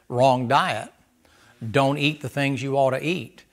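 A man preaching a sermon in a folksy, animated way, acting out little dialogues. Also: mid-range voice, slow.

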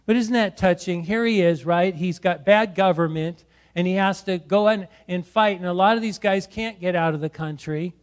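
Middle-aged pastor guy preaching in church, pretty high voice, keeps tossing in "right?". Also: normal speed. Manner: exhorting, repeats words and adds "right?". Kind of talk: sermon. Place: church sanctuary.

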